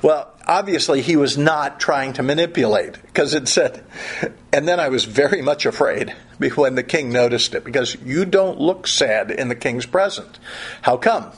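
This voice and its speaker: Husky-voiced man preaching a casual sermon. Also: medium pitch, normal speed. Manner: conversational preaching with humorous asides. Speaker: pastor.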